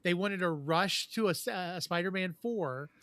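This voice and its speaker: Guy cohosting a fan podcast, bright fairly high voice, dry close sound, keeps restarting sentences. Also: moderate pace, dry recording. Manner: rambling, explains trivia with restarts. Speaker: podcast co-host. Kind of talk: casual fan chat.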